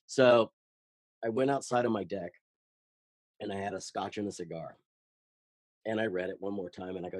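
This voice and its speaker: A man who is an actor and voice actor, telling casual, animated anecdotes in an interview and acting out the quotes. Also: lowish voice, normal speed, long pauses, no room sound.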